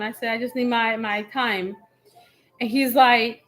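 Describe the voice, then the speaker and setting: A woman telling a story from her marriage in a live Q&A, animated and acting out both sides of a quarrel with laughs. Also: fairly high pitch, measured pace, poor audio.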